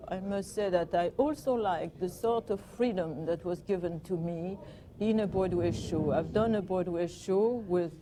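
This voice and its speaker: An older woman from France with a French accent, chatting in an interview and telling anecdotes with gentle amusement. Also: on the low side, slight background noise. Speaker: guest, performer. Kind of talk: reminiscing interview.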